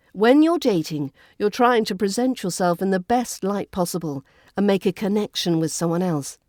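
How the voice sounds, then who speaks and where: Warm-voiced British RP woman teaching. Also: medium pitch, no echo, clean studio sound. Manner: clear, measured, well-enunciated delivery. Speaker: accent coach and podcast host. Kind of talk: scripted podcast lesson.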